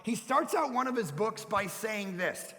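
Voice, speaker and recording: A middle-aged man preaching a sermon, telling family stories and breaking into shouts as he acts out his kids. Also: sits high, animated, measured pace. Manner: storytelling preacher, bursts into shouting when acting out kids. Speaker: pastor. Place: church hall. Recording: long reverb of a church hall.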